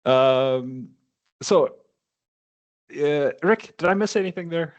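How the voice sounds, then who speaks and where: Halting male podcast co-host. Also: fairly high pitch, lo-fi sound. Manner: halting, searching for words, frequent restarts. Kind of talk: casual podcast chat.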